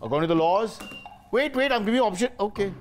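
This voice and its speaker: A man with an Indian English accent hosting a quiz show, playful and teasing with quick asides. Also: high-pitched, expressive, a little hiss or hum. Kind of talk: joking game show hosting.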